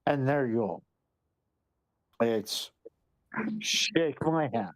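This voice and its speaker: A man's voice: medium pitch, animated, slow, long pauses, no echo. A man on a voice-call stream, telling a rambling story and swearing freely. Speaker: stream guest. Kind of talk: casual chat.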